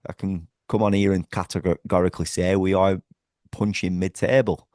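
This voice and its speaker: With a low, level-toned, slightly mellow voice at normal speed, a northwest English man hosts a football fan vlog indoors at home. His casual talk is passionate and rambling, heavy with fillers and restarts, captured in dry, clean studio sound.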